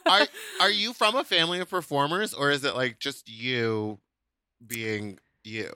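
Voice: mid-range voice, unhurried, dry recording, studio quality. A podcast co-host chatting casually and telling stories with playful quoted voices. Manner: expressive storyteller, playful voices.

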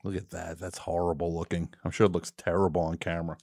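A man's voice: sits low, little pitch movement, fast, darkish tone, no echo. A man hosting a live radio show from a studio, joking and sarcastic, with rambling asides. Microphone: studio mic, on camera.

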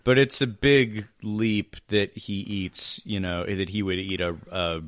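A man in a casual podcast chat, halting and searching for words, with dry jokes. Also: fairly low pitch, fairly even intonation, no room sound. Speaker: podcast co-host.

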